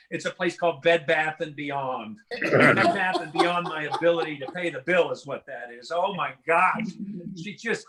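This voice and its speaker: A middle-aged man from Washington State doing a stand-up routine, animated and slipping into drawls and mimicked voices. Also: a little high, rough recording. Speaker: stand-up comedian.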